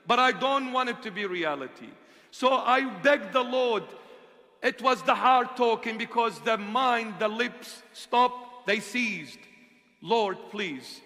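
A man, a bishop, preaching and telling a story in an impassioned way that swings from hushed to loud, recorded with a long hall reverb. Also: extremely high pitch. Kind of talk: sermon storytelling.

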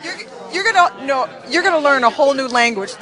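A woman's voice: high voice, animated, fast, crowd noise. A woman interviewing a celebrity pair at a press event, friendly and curious. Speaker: entertainment interviewer.

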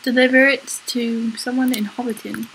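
A woman's voice: on the high side, flat delivery, moderate pace, over loud music, rough recording. A young woman giving silly, playful commentary over her gameplay, with squealing exclamations. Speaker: gaming YouTuber. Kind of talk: let's play commentary.

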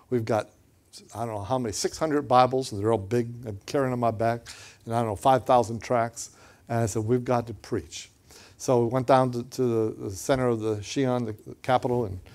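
A man preaching and telling a personal story in a lively way, often repeating words and acting out what others said. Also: medium pitch. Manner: animated, repeats words, acts out quotes. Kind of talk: storytelling sermon.

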